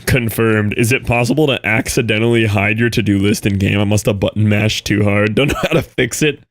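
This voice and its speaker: A man livestreaming and chatting with viewers, excitable and laughing often, with quick asides to chat. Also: fairly low pitch. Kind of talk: live stream chatter reading chat.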